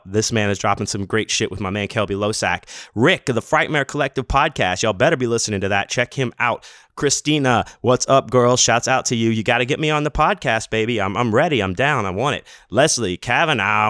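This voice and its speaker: A middle-aged man, a podcast host, giving casual, enthusiastic shout-outs full of slang and bursting louder on names. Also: on the low side, no echo, studio quality.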